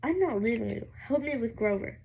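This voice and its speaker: A woman's voice: fairly high pitch, lively intonation, fairly quick, gravelly, phone-quality sound, slight background noise. A young woman reading a novel aloud, voicing a stubborn teenage boy who refuses to leave his mother. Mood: defiant.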